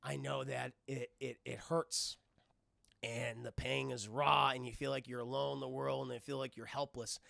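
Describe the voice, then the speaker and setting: Guy doing a hushed fatherly man talking a kid through grief, gravelly, kinda bright tone. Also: fairly high pitch, no room sound, clean studio sound, full character voice. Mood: consoling. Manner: soft, halting, consoling. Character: grieving adult man comforting an orphan boy.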